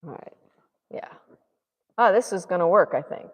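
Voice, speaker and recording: A woman's voice: lowish voice, expressive, moderate pace, big-room sound. A woman artist vlogging as she paints, musing and muttering to herself and encouraging herself along. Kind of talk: thinking aloud while painting.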